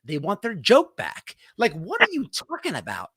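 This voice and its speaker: With wildly swooping pitch, vocal fry and a slightly rough edge, this man delivers heated livestream commentary at a moderate pace. He rants and swears, lurching from loud outbursts down to low mutters.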